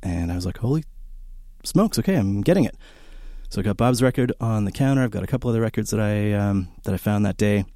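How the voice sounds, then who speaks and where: A fairly low-voiced man talks fast, with few pauses, as he hosts a college radio record show in a small studio. His casual between-song chatter is rambling, excited, and packed with fillers and animated storytelling. The studio broadcast microphone yields clean sound without echo.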